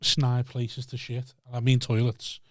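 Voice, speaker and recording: A man's voice: mid-range voice, monotone, measured pace, no room sound, studio quality. A man co-hosting a podcast, blunt and sweary in casual chat. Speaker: podcast host.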